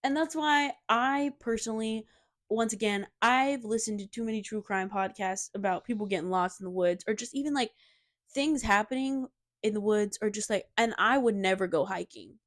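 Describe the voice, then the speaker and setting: A young woman co-hosting a podcast in casual chat, talking in an animated, emphatic way with lots of fillers on a cheap desk mic. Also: mid-range voice, moderate pace, no echo, studio quality. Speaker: podcast co-host.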